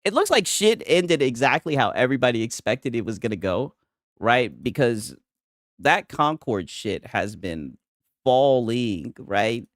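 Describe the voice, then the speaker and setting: A man's voice: mid-range voice, expressive, measured pace, no room sound, clean studio sound. A young man ranting in casual commentary, rambling and profane, tagging nearly every line with "right?". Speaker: streamer.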